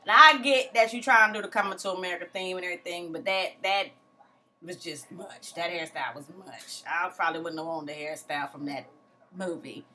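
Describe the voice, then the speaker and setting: A woman's voice: lowish voice, fairly quick, pushed and bright. A woman recapping a reality show from home in a casual, chatty way, full of slang and acted-out quotes. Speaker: TV recap vlogger.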